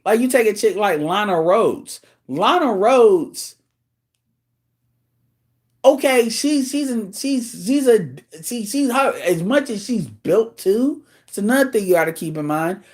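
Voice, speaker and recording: A man's voice: high voice, animated, unhurried. A man hosting a show, delivering a blunt, profane, incredulous rant in casual talk.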